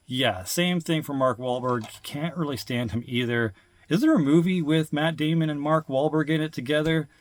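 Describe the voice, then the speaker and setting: A man's voice: mid-range voice, no room sound. A man talking casually about his film collection, rambling with frequent restarts and filler words. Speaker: film collector reviewing movies. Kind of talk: casual vlog review.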